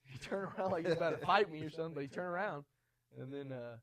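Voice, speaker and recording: A young man in his twenties, a podcast guest, telling stories in animated casual chat. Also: a little high, rapid-fire, crowd noise. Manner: animated storyteller, acts out quoted voices. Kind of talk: casual storytelling.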